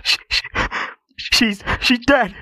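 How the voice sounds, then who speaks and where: A man's voice: very high voice, slow, pushed and bright, slight background noise, voice pushed up, heavily acted. A man voicing a grief-stricken middle-aged father who stammers and wails through sobs. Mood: anguished wailing. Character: distraught grieving father, a coach.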